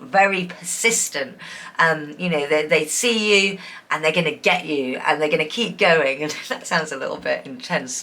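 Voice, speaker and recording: Giggly, bright-voiced tarot reader. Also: female voice, low voice. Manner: chatty, giggly, enthusiastic. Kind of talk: casual pick-a-card reading.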